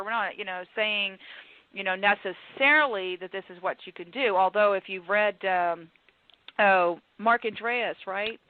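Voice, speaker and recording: A woman's voice: medium pitch, no echo. A woman with a Texan accent hosting a casual radio panel on conflict coaching, chatty and full of restarts. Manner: chatty, many restarts and fillers, acts out quotes. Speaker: radio show host. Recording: tinny phone-line internet radio.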